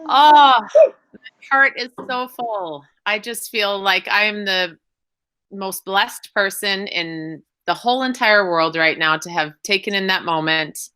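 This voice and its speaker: A gushing, emotional woman speaks over a video call. Her voice is bright and forceful, at a middle pitch for a woman. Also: unhurried, clear, resonant tone. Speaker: wellness coordinator, host. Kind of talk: casual video-call interview.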